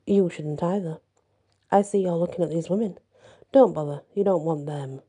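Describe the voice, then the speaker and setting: A woman voicing a gruff old man in a bar who gives blunt, curt warnings. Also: on the low side, moderate pace, dark tone, slight background noise, natural voice.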